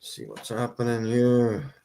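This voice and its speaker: A man's voice: mid-range voice, animated, slow pace, creaky, dark tone, clean tone. A man hosting a casual livestream, rambling and joking, laughing at his own points. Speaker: livestream host.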